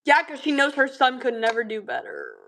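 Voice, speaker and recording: Young woman streamer, high and bright, dramatic and laughing, unhurried delivery. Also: wildly swooping pitch. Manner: dramatic, laughing, shrieks for emphasis. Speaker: livestream host. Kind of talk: casual livestream chat.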